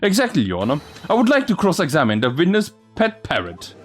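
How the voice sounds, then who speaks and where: An earnest young defense lawyer, as a man voices him, talking through his doubts in a lively, rising and falling voice. Soft game music runs behind him. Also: fairly high pitch, fairly quick, pitched above the performer's own voice. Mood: determined. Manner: earnest, thinking aloud. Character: determined young male defense lawyer, nervous.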